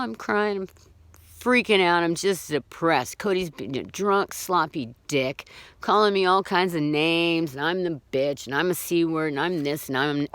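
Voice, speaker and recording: A woman with a lowish voice tells her own story in blunt, profane words, agitated and indignant, restarting sentences as she goes. Her pitch swings a lot, and the recording is dry and close. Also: a bit bright, no echo. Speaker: storyteller recounting own experience. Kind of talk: unscripted personal account.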